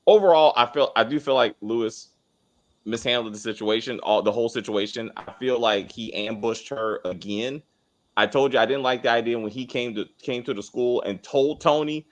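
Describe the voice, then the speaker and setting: A man's voice: mid-range voice, normal speed. A man co-hosting a casual TV review, ranting heatedly with lots of swearing and restarts. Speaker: co-host of a TV review show. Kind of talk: casual spoiler review chat.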